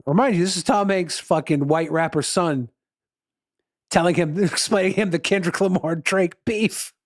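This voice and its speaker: A man's voice: high voice, moderate pace, no room sound, studio quality. A male musician chatting casually with his livestream viewers, rambling, laughing often and swearing freely.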